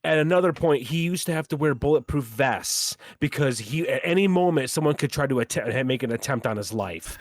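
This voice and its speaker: A man co-hosting a podcast, telling stories in a lively, profane way. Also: mid-range voice, brisk, few pauses, dry recording. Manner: animated, profane storytelling. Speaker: podcast co-host. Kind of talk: casual chat.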